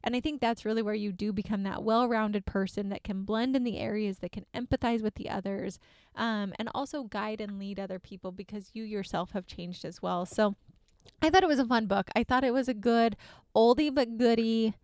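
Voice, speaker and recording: Woman host, casual chat, upbeat and quick to laugh; dry studio sound. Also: mid-range voice, clear, resonant tone, dry recording. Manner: animated, laughs often, acts out quoted voices. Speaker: podcast host.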